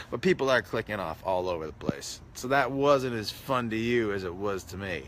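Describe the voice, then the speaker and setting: Brief: male comedian hosting a casual live stream, lively pitch, joking and self-mocking, faint background hiss. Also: normal speed, few pauses. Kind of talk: casual live-stream chat reading comments.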